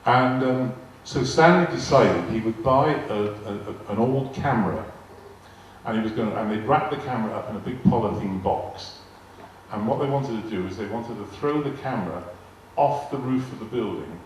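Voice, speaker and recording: An older man telling rambling anecdotes to a live audience, often repeating words and acting out quoted dialogue. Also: fairly low pitch. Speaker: guest speaker telling anecdotes. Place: large arts hall. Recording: echoey hall, distant mic, faint noise. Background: audience laughter.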